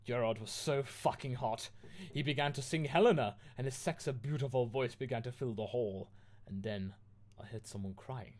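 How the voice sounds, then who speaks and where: A man's voice: medium pitch, moderate pace. A man from the United Kingdom reading bad fanfiction aloud in a mock-dramatic comic style. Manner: mock-dramatic, lively delivery.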